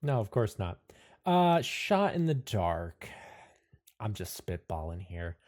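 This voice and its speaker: A woman playing a tabletop game, wry and deadpan in her asides. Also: rumbling low, slow. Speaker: player.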